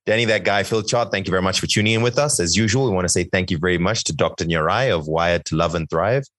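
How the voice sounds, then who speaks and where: A man's voice: low voice, quick pace, fairly bright tone, no echo, studio quality. A man co-hosting a podcast, wrapping up the episode with a jokey sign-off. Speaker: podcast co-host. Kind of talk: casual podcast outro.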